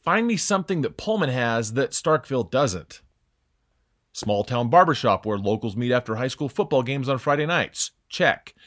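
A young male sports host reading a scripted opinion rant. His pitch swings widely as he mocks and exaggerates. His delivery is sarcastic and theatrical. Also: sing-song, normal speed, a bit bright. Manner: sarcastic, mocking, theatrical emphasis.

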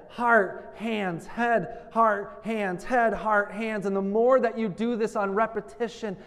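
A man preaching a sermon as pastor, animated, acting out the voices he quotes. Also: sits high. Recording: long hall reverb.

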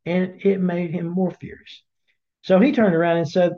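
A man retelling a Bible story in a casual webinar, as an animated storyteller who acts out the voices, on dull lo-fi audio. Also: high voice, moderate pace. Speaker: Bible study teacher.

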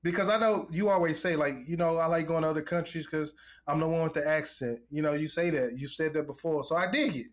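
A man's voice: fairly high pitch, fast. A man co-hosting a podcast in casual chat, joking and upbeat with encouraging words. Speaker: podcast co-host.

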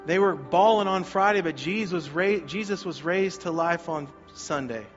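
Brief: a male pastor mid-sermon, energetic, faint music underneath. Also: high-pitched, normal speed, highs cut off. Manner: energetic preaching, asks the congregation to repeat lines.

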